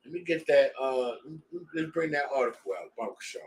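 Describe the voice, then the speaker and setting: A man's voice: mid-range voice, expressive, normal speed, distant mic. A man leading a scripture class, preaching in a heated, blunt way with street slang. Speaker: class leader.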